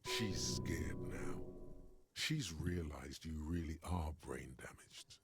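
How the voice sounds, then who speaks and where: A man voicing a grave game narrator, with slow, measured delivery. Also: extremely low pitch, vocal fry, over music, heavily acted. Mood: ominous.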